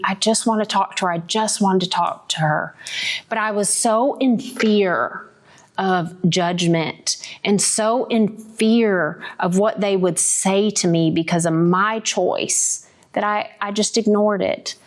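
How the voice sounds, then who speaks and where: In a lowish voice, this woman hosts a podcast where she reflects openly on her faith journey, often pausing to ask the listener a brief "right?".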